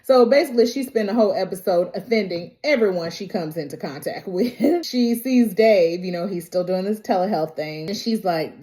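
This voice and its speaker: A woman's voice: mid-range voice, moderate pace, mellow. A woman vlogger recapping a TV episode in a casual, slangy way, laughing often.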